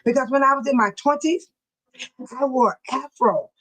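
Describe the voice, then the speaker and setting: A woman's voice: sits high, normal speed, fairly bright tone, poor audio. An older woman, a grandmother, chatting casually with viewers on her livestream, telling stories and laughing often. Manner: addresses viewers by name. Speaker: livestream host.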